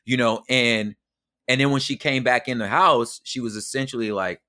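Middle-aged male guest, slangy and animated, bright tense tone, close and dry. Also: mid-range voice, moderate pace, dry recording. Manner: animated, slangy, acts out quotes. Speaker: podcast guest. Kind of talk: casual storytelling.

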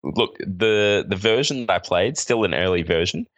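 Very deep-voiced Australian man chatting. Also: moderate pace, a bit bright, no room sound. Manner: rambling, hesitant with many "uh"s. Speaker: podcast co-host. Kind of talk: casual chat.

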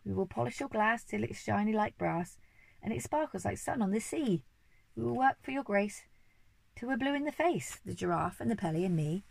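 A woman voicing a lively, cheeky male monkey who sings out his lines in a storybook. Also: fairly low pitch, quick pace, gravelly, hardly any pauses, no echo. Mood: excited. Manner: eager, sing-song.

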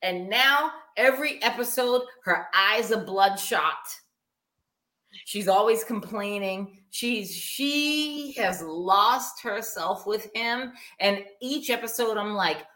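This is a woman co-hosting a relaxed reality-show recap, sharp-tongued and profane. Her voice swings widely in pitch and has a bright edge. She rants in bursts at her co-hosts. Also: takes it slowly, reverberant. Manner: blunt, profane, animated ranting. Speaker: podcast co-host. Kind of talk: casual reality-TV recap chat.

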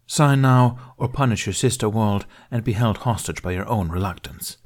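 A man's voice: lowish voice, moderate pace. A man reading a fan fiction audiobook, voicing a stern, formal male Jedi master with cold, contemptuous authority.

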